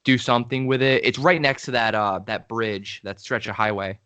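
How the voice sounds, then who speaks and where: A male musician guest in a casual interview, recalling things in a rambling, halting way with lots of fillers. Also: mid-range voice, bright, forceful tone, smooth, no echo.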